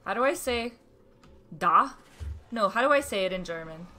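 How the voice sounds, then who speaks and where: A woman streaming a game, chatting casually, swearing freely and breaking into sudden excited outbursts. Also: mid-range voice, quick pace, faint music behind. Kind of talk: casual live-stream gameplay chat.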